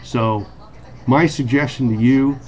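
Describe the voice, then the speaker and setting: A man's voice: medium pitch, fairly even intonation, slow pace. Earnest man with restarts and ums. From United States. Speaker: video blogger. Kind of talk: casual monologue to camera.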